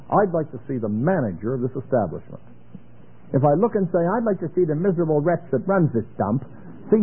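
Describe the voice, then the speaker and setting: Husky male preacher, lively delivery. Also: on the high side. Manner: animated storytelling, plays out dialogue. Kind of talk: sermon with anecdotes. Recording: tinny lo-fi phone-band recording.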